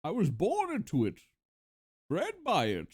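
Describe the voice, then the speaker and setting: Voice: mid-range voice, huge pitch swings, a little mellow, breathy edge, heavily acted. Bane: a streamer voicing a tiny menacing dog. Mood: mock menacing. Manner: slow, theatrical, menacing-mock delivery. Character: tiny dog talking like a grandiose masked villain. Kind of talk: comedic impression during livestream chat.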